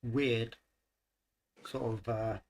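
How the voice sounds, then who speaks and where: A man's voice: medium pitch, level tone, extremely slow, a little mellow, low-quality recording. A man from the United Kingdom with a mixed British accent, chatting casually as host of a live stream, laughing often and trailing off mid-sentence. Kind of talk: casual chat.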